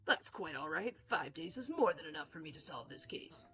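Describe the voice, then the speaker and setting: A courteous, self-assured detective, as voiced by a woman. Speaks in a brisk, polished way. The recording is dull and lo-fi, with faint music behind. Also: low-pitched, lively intonation. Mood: polite.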